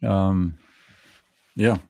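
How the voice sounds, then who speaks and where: A middle-aged man with a Norwegian accent, hosting a casual livestream chat, talking slowly with many fillers and dry laughs. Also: deep voice, steady tone, vocal fry, dark tone, no echo. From Norway. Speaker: livestream host.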